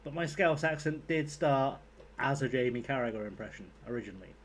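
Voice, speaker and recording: A man's voice: medium pitch, fairly even intonation, a little fast, a little hiss or hum. A man giving casual, rambling commentary while playing a game, swearing freely. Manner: rambling, sweary, chatty asides. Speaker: gaming YouTuber.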